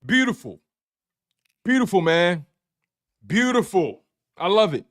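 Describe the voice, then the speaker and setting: A man's voice: high-pitched, sing-song, takes it slowly, a bit bright. A man hosting a live-stream sports recap, hyped and talking straight to his chat, repeating phrases for emphasis. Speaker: sports show host. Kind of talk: excited live-stream recap with super chats.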